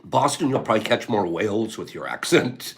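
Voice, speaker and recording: A man's voice: fairly low pitch, animated, brisk, gravelly. A man hosting a casual livestream, rambling and teasing as he reads viewer comments, laughing often. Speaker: livestream host.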